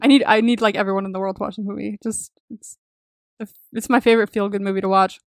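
A woman's voice: medium pitch, fairly even intonation, fast talker, no echo, studio quality. A woman co-hosting a podcast, casually recapping a favorite film with lots of enthusiasm, laughter and the odd swear word. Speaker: podcast co-host. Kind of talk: casual movie recap chat.

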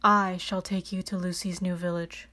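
A woman's voice: fairly low pitch, little pitch movement, normal speed. A woman voicing a kind helper in a storybook who offers comfort and reassurance. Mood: reassuring. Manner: reassuring, warm-hearted.

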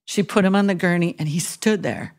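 A woman's voice: fairly low pitch, brisk, darkish tone. A woman chaplain, a podcast guest, telling a story in an earnest and tender way. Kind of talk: emotional storytelling.

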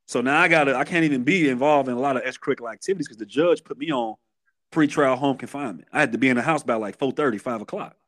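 A man's voice: medium pitch, rapid-fire, fairly bright tone. A man in his thirties from Chicago with a Chicago accent, a podcast guest retelling his past in candid, streetwise storytelling with many restarts. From Chicago, USA.

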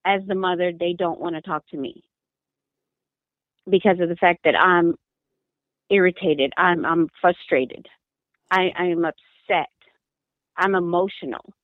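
A mother giving an emotional interview, halting and repeating her words in distress. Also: lowish voice, no echo. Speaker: mother of a missing daughter, interviewee. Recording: tinny phone line.

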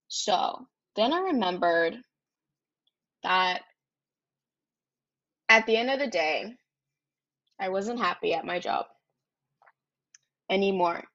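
A woman's voice: medium pitch, expressive, takes it slowly, pauses often, pushed and bright, dull audio. A young woman in her twenties hosting a podcast, telling a personal story in a candid, chatty way, swearing freely and tagging her sentences with "like" and "right?". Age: 20s. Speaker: podcast host.

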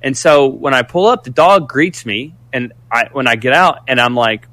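A man casually telling a story, animated and profane, rambling with restarts. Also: mid-range voice, moderate pace.

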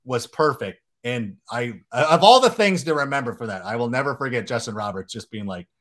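A man with a mid-pitched voice hosts a casual podcast. He tells stories in an animated, jokey way and acts out quotes as he goes. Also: fairly quick. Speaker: podcast host.

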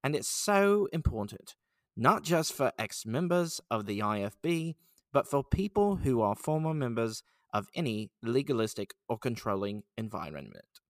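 A man putting on an English accent to read a listener's review aloud, measured and deliberate in delivery. The voice sits at an ordinary male pitch and comes across dry and close, with almost no room sound. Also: big pitch swings, no echo. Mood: mock-posh. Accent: English, put on.

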